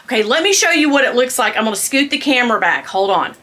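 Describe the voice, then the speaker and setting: Bubbly, animated woman gushing to camera. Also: fairly high pitch, fast. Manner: gushing, chatty, squeals with excitement. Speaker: vlogger unboxing a handbag. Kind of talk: casual chat to camera.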